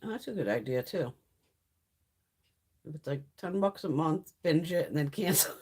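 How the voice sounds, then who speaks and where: A woman's voice: deep voice, lively intonation, normal speed, a little mellow, slightly rough. A woman hosting a beauty livestream from home, chatting casually in a blunt, profane way while sick. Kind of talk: casual live-stream chat.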